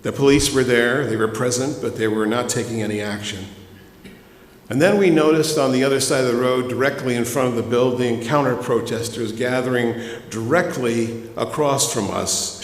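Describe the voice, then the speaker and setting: In a church sanctuary, a minister gives a sermon in a conversational, storytelling style, addressing his congregation directly. His voice is medium-pitched at a moderate pace, with echoey hall ambience and slight background noise.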